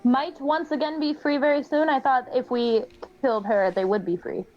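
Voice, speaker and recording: A woman chatting as a player in a tabletop game, asking quick questions. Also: high voice, fairly even intonation, muffled recording, faint music behind. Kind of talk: casual chat.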